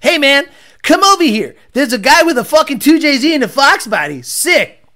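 A squealing, overexcited car-meet onlooker, as a streamer puts him on, calling out to buddies in a voice pitched far above normal speech. It swoops up and down, loud and gushing. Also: big pitch swings, moderate pace, exaggerated voice.

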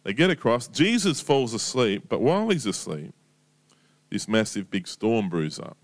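A man's voice: fairly low pitch, normal speed. A man giving a casual, conversational sermon full of stories and asides. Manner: conversational storytelling, lively, chatty asides. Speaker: preacher.

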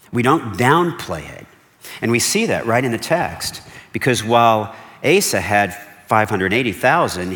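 A lower-voiced male pastor preaching with lively energy, firing rhetorical questions at his listeners and acting out quick exchanges. His voice rings through a large hall with a long, trailing reverb. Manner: animated preaching with rhetorical questions and acted-out dialogue. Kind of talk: sermon.

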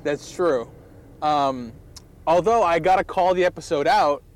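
A man's voice: fairly high pitch, unhurried, a little hiss or hum. A man co-hosting a podcast in casual comedic chat, rambling with lots of fillers and frequent laughter. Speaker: podcast co-host.

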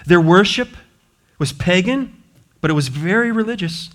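Man, pastor preaching in church; fairly high voice, lively and humorous delivery. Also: normal speed. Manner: lively, playful preaching with asides and trash-talk humor; animated, shifting between loud and hushed delivery. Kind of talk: sermon.

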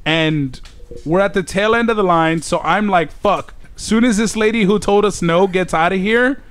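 A man's voice: sits high, moderate pace, clear, resonant tone. A man hosting a podcast, telling a long story in casual chat, swearing often and laughing. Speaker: podcast host.

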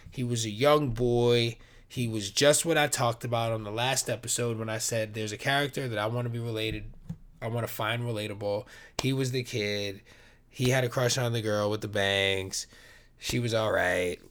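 A man talking alone on his podcast in a loose, rambling way, drifting between stories and asides. His voice sits in a middle pitch, and he swears casually as he goes. It sounds unscripted and relaxed. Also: measured pace, smooth. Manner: rambling, profane, laid-back storytelling. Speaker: podcast host. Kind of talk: casual solo podcast monologue.

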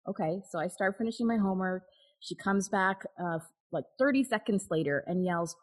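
This interview guest, a woman with a fairly low voice, speaks a bit quickly on a low-quality recording. Openly recounting something personal, she keeps restarting and laughs nervously from time to time.

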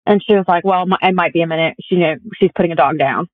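A woman's voice: fairly low pitch, very fast, no echo. Casting: young woman guest, chatty and filler-heavy storyteller, thin phone-like sound, dry. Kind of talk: casual conversation. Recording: tinny phone-like audio.

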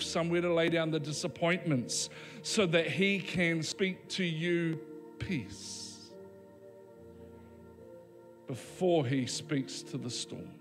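A man preaching a sermon as pastor, emphatic, with dramatic pauses and voiced quotes. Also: on the high side, long reverb tail.

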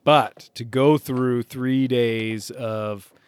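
A man chats on his own from a sailboat far offshore, joking at himself as he rambles. His voice is smooth and clear, with a slow, easy pace. The sound is dry and close. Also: medium pitch, fairly even intonation, dry recording. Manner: rambling, self-mocking, laughs often. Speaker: solo sailor podcaster. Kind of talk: casual talk.

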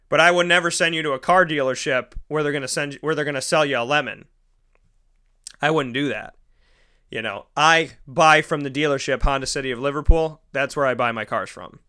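A man's voice: fairly high pitch, fairly quick, bright, forceful tone, clear, resonant tone. A young man hosting a casual monologue, rambling through personal stories and acting out the people in them. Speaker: podcast host.

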